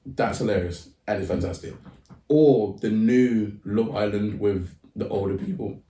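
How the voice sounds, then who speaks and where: Low, warm male co-host, off-mic, roomy sound. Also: measured pace, far from the mic. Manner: reacts and questions, then gives opinions. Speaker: podcast co-host. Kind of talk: casual chat. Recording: roomy echo, a bit off-mic.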